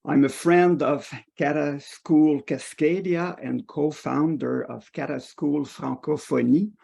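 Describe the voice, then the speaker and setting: A man opening an online meetup as facilitator, halting with many fillers over a video call. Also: a little high, steady tone, vocal fry, dark tone, breathy edge.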